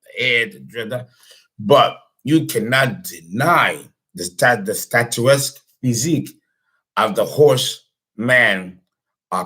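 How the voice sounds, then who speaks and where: A man's voice: mid-range voice, a bit bright, poor audio. A man talking as an astrologer, rambling through a casual lecture with many fillers and restarts. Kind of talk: casual lecture and phone call.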